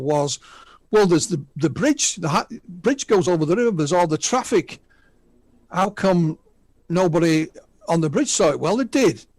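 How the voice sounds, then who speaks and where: A slightly high male voice with no echo: a man in his sixties from the north of England, Northern English accent. He's the guest UFO researcher in a casual radio chat, relating witnesses' stories with the odd aside.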